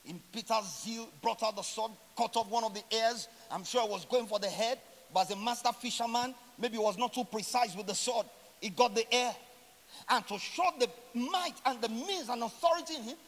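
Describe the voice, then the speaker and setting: High-voiced man preaching in an echoing hall. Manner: preaching with swings from loud emphatic lines to quiet drawn-out endings; drawn-out, slowly stressed scripture quotes. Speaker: pastor. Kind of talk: sermon. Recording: long hall reverb.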